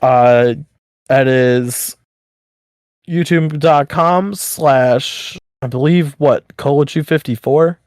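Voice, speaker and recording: A man's voice: medium pitch, slow, a little mellow, dry recording, studio quality. A man co-hosting a podcast in casual, bantering chat while plugging the show. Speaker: podcast co-host.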